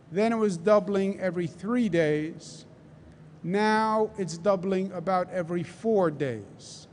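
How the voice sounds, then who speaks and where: Slow emphatic man with a Queens accent. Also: sits high, a little mellow, slight background noise. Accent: New York (Queens). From New York. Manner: deliberate, emphatic, repeats points. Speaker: governor. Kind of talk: press briefing. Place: large convention center hall.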